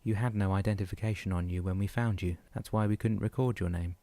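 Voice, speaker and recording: A soothing, patient nurse speaking softly and low, as a male reader voices her. The storybook voice is mellow and dry. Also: fairly even intonation, fast talker, vocal fry, no echo.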